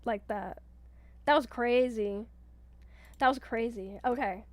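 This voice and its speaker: A young woman chatting casually on a live stream as a VTuber, reading her chat aloud, giggling often and getting loud when excited, with casual swearing. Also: on the high side, takes it slowly, dry recording. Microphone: headset mic with headphones.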